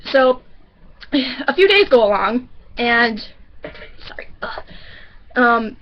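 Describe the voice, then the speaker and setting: A woman's voice: fairly high pitch, very animated, takes it slowly, dull audio, slight background noise. A woman telling a story about work in a casual, rambling way, often correcting herself. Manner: rambling, self-correcting, chatty. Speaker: grocery store bagger.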